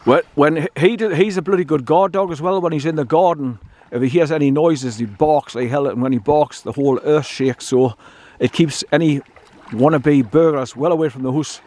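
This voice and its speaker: A man's voice: a little high, moderate pace, a little mellow. Chatty older man. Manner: chatty, blunt, meandering, repeats words. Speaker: dog owner vlogger. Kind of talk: casual rambling walk-and-talk. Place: outdoors by a stream and bridge.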